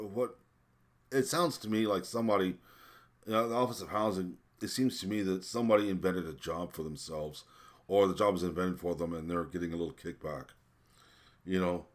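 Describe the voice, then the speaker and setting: A man's voice: low-pitched, a bit bright. A man ranting indignantly in commentary, reading figures aloud, swearing and stumbling over his words. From American. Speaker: vlogger.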